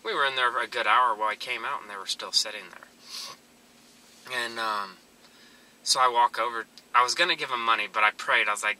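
A man's voice: medium pitch, brisk, bright, forceful tone, low-quality recording. A young man, vlogging an earnest, repetitive motivational talk to his viewers while out and about. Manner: earnest, preachy, repeats himself. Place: driving around town and at the gym.

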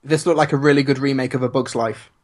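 Male podcast co-host, casual, filler-heavy, deadpan humor, average pitch. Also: fast. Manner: hesitant, many fillers, dry humor. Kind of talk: casual chat.

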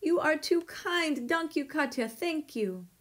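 A woman's voice: high-pitched, lively intonation, unhurried, fairly bright tone, pitched above the performer's own voice. A woman voicing an emotional village mother who shrieks and sobs. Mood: tearful. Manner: shrieking and sobbing.

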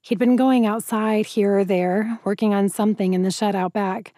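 Mellow-voiced woman reading a romance audiobook. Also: mid-range voice, steady tone, normal speed, no echo, clean studio sound. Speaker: audiobook narrator. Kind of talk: first-person romance audiobook narration.

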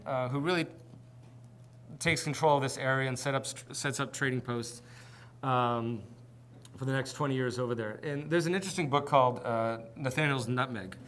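A man's voice: mid-range voice, a bit bright, a little hiss or hum. A man presenting a seminar, telling history in an informal, conversational way. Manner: conversational storytelling. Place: presentation with slides.

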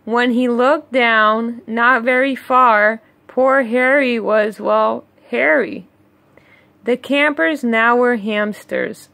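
A woman reading a rhyming children's picture book aloud, slow and measured, with chuckling asides between pages. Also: fairly high pitch, steady tone, gravelly, bright, forceful tone, no room sound. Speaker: read-along storyteller.

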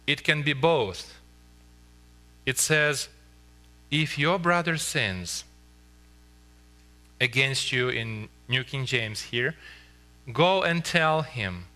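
A man preaching a sermon as pastor in a church, earnest and pleading, slowing down for emphasis. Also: a little high, pushed and bright. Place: church sanctuary.

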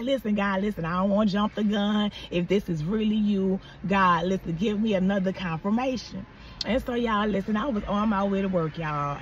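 Fervent woman preaching encouragement. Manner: fervent, repeats phrases, calls listeners "baby" and "y'all"; swings between low confiding tones and loud high exclamations. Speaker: online devotional minister. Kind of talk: prophetic encouragement message. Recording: muffled and slightly distant with faint background noise.

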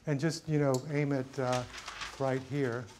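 A man's voice: mid-range voice, little pitch movement. Middle-aged guy running a lighting demo, lots of uh and restarts, faint hiss behind. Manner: halting, many fillers and restarts, thinking aloud while adjusting lights. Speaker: cinematography workshop instructor. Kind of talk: hands-on lighting demonstration. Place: workshop studio with lighting set.

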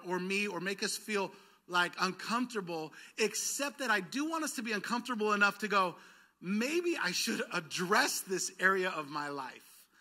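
A man preaching a sermon as pastor, coaxing call-and-response from his congregation. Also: high voice. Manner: lively, quick bursts then slowed words. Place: church sanctuary.

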